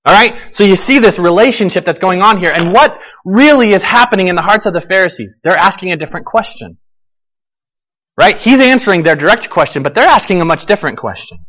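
A man preaching a sermon, animated and questioning his listeners, voicing the people in the story as he goes. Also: high voice, brisk, low-quality recording. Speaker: pastor.

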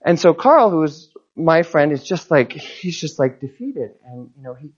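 A guest preacher giving an informal sermon as a personal story, animated and acting out the people in it. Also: mid-range voice, normal speed. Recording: dull lo-fi recording.

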